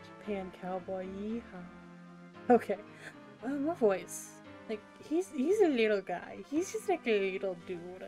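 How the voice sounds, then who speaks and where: Excitable woman streamer over game music. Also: medium pitch, unhurried. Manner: chatty, excitable, self-mocking. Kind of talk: casual game commentary.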